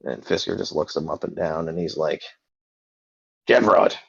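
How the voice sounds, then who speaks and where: A man's voice: extremely low pitch, flat delivery, brisk, creaky, a little mellow, breathy edge, no room sound, dull audio. A man narrating as game master of a tabletop game, casual and loose, full of fillers.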